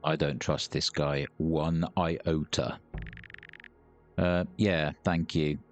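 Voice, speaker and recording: A man's voice: a bass voice, fairly even intonation, takes it slowly, faint music behind. A man recording let's play commentary on a headset mic, joking, swearing and mocking the game's characters. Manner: jokey, swears, mocks the characters. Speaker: gaming YouTuber.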